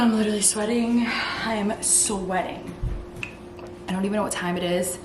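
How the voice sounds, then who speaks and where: A woman's voice: medium pitch, steady tone, normal speed, echoey room, noisy background. A woman vlogging casually to the camera about life as a mom of twin toddlers, rambling along and saying "like" a lot. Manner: rambling, chatty, heavy use of "like". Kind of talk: casual vlog chat to camera. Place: at home.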